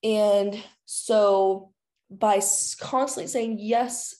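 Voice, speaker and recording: A woman's voice: mid-range voice, steady tone, very slow, darkish tone. A woman hosting a podcast alone, talking frankly in a candid, chatty, jokey way. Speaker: podcast host. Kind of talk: candid solo chat.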